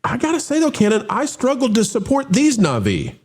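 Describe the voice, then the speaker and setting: A man's voice: very high-pitched, wildly swooping pitch, fairly quick, husky. A man hosting a casual movie review chat, opening with showman-style greetings and rambling with restarts. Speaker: host.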